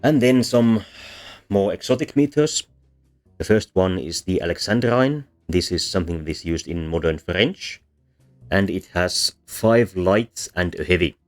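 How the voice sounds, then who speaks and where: A man's voice: low voice, measured pace. A man giving a casual, hesitant lecture on linguistics, with frequent ums and restarts. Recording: soft background music under voice.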